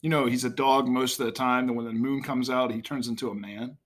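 A man's voice: medium pitch, steady tone, a little fast, fairly bright tone. A young man co-hosting a podcast in casual chat, joking and teasing with a lot of swearing. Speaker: podcast co-host.

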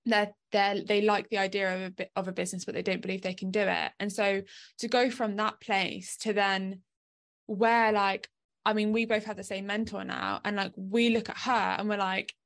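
A woman's voice: medium pitch, little pitch movement, normal speed, a bit bright. A woman hosting a podcast and coaching in business, chatting in an affirming, reflective way. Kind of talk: casual podcast chat.

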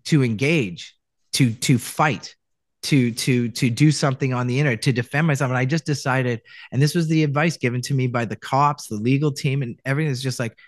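Man from Canada, interview guest, rambling storyteller, mid-pitched voice, dry close sound. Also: brisk, no echo. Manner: rambling, many restarts, acts out quoted lines. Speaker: voice actor guest.

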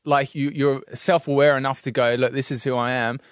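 A man's voice: mid-range voice, little pitch movement, fairly quick, clean tone, dry recording, studio quality. A man hosting a conversation, asking questions and reflecting supportively. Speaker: interviewer host. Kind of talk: casual chat.

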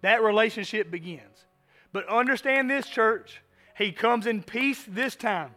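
Bright-voiced man preaching a sermon. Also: high voice, unhurried, soft background music. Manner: animated preaching, swings from loud emphasis to hushed asides. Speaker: pastor.

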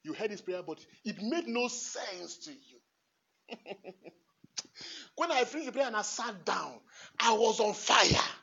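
Husky-voiced priest preaching with fervor. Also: male voice, high voice, lively intonation, unhurried. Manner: emphatic, repeats phrases, swings from hushed to shouting, laughs often. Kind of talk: impassioned homily. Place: church. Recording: dull lo-fi recording.

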